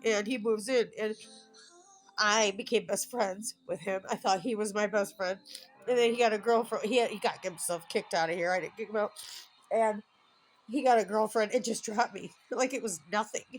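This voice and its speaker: A woman's voice: mid-range voice, normal speed, faint music behind, poor audio. A woman in her fifties talking alone at home in a rambling, emotional personal vlog. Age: 50s. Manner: emotional, rambling, tearful at times. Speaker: vlogger.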